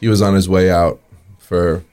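A man's voice: low voice, level tone, normal speed, darkish tone, smooth, faint music behind. A man, a guest telling his own story in casual talk, chuckling often and full of fillers. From New York area.

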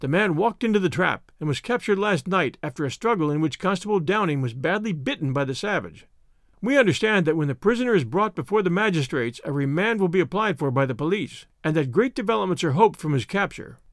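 A man reading a detective story aloud in a steady, measured storytelling manner. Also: sits high, no echo, clean studio sound. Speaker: audiobook narrator. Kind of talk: scripted story narration.

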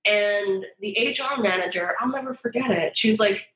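A woman guest telling her story candidly, animated and profane, acting out quoted voices. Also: mid-range voice, moderate pace. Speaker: guest designer. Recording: roomy echo.

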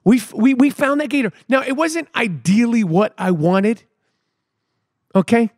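Fast-riffing middle-aged New man. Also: very high voice, no echo, studio quality. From New York City. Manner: animated, emphatic, repeats words for effect, street slang. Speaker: podcast host. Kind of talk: comedic storytelling monologue.

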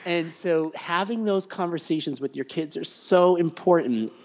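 A middle-aged man as an interview guest, telling personal stories in a lively way and acting out the voices of the people in them. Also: on the high side, normal speed. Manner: animated storyteller acting out quoted voices. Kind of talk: conversational interview. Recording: dull, slightly lo-fi recording.

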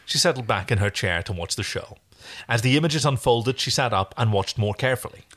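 A man reading fan fiction aloud with animated delivery and joking asides. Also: mid-range voice, fairly quick. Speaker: reader.

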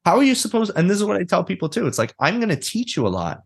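A man's voice: high-pitched, big pitch swings, quick pace, vocal fry, slightly rough. A man talking bluntly and animatedly as a guest in a casual interview, swearing freely. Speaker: guest, therapist and mindset coach.

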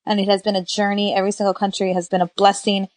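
A woman's voice: medium pitch, flat delivery, fast, darkish tone, no room sound. A woman co-hosting a casual podcast chat, talking with enthusiasm and dropping in Spanish phrases. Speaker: podcast co-host.

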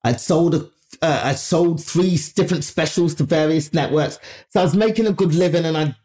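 Nigerian-born woman comic telling a story, swears a lot, animated, does everybody's voices. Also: deep voice, a little fast. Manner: animated, profane, acts out other people's voices. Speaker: comedian guest. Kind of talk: storytelling interview anecdote.

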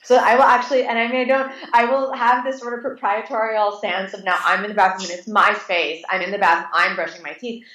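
Her mid-range voice sounds pushed and bright, moving fairly quickly with few pauses and fairly even intonation. She's a woman in her late thirties, an interview guest spinning casual, animated stories with many restarts and fillers, recorded in an echoey room.

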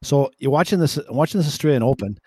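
A man's voice: medium pitch, animated, quick pace, warm tone, slightly rough, dry recording. A man co-hosting a podcast over a remote call, easygoing with dry humor in casual chat. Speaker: podcast co-host.

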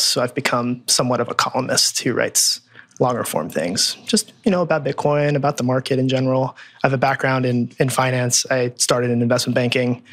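A young American man in his twenties talks as a guest on a relaxed podcast. His manner is easygoing and self-deprecating, and he often ends his points with a quick "right?". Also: medium pitch. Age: 20s. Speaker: podcast guest, crypto columnist. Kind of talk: casual podcast interview.

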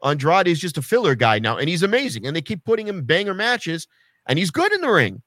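Animated sarcastic man, higher voice. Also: fast, no echo, clean studio sound. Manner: animated, sarcastic, swears freely. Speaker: podcast co-host. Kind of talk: casual wrestling chat.

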